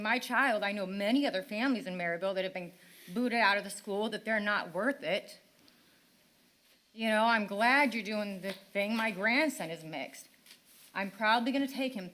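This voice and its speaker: A woman's voice: on the high side, fairly bright tone. An older woman speaking at public comment in a town council meeting, frustrated and pleading, her voice at times breaking.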